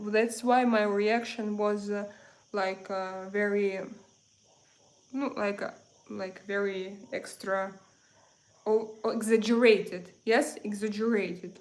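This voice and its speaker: A Russian woman in her thirties with a Russian accent, chatting casually with viewers on her livestream and reading out their comments. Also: medium pitch. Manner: chatty, reads out viewer comments, quick to get heated. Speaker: livestream host.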